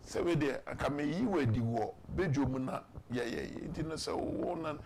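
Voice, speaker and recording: In a talk show's political discussion, a Ghanaian-accented man argues with emphasis, switching between Twi and English and performing the quotes he cites. His voice runs on the high side at a moderate pace, with background noise present.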